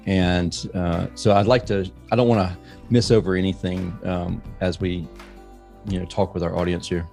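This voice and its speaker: Man, podcast host, low voice, casual, filler words, faint music behind. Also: flat delivery, moderate pace, vocal fry, darkish tone. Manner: friendly, many ums and uhs.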